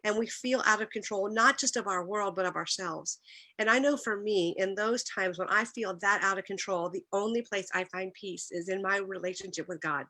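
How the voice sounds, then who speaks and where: A woman's voice: mid-range voice, moderate pace, bright, forceful tone. A middle-aged woman giving an earnest, personal faith talk, telling stories and sometimes growing emotional. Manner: earnest, emotional, occasional restarts. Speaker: speaker at a church talk.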